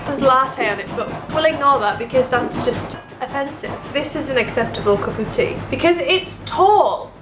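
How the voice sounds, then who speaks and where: Woman, casual vlog, high pitch, roomy kitchen, music bed. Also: lively intonation, normal speed, hardly any pauses. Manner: chatty and playful, jokey asides. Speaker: vlogger. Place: home kitchen with washing machine running.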